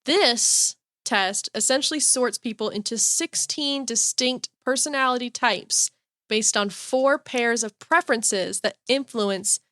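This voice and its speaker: A woman's voice: a little high, a little slow, dry recording, studio quality. Giggly young woman. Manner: giggly, animated storytelling. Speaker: podcast co-host. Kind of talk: casual chat.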